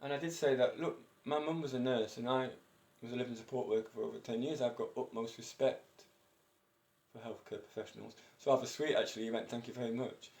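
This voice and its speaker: Man, 50s, breathless, rambling and eccentric, chuckling, mid-pitched, roomy echo. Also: brisk, gravelly, darkish tone. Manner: rambling, chatty, self-described eccentric, chuckles often. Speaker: vlogger. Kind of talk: casual personal monologue.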